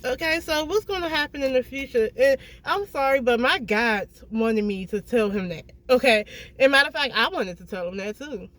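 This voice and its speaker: With a high, sharp-toned voice, the tarot reader delivers a casual reading that's blunt and emphatic. Swearing comes freely, and she often pauses to check in with a quick "okay?".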